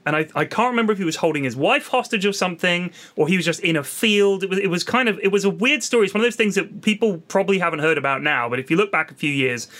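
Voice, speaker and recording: A man's voice: high voice, sharp tone. A man co-hosting a podcast, telling jokey stories in casual, sweary banter. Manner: joking storyteller, swears freely. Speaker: podcast co-host.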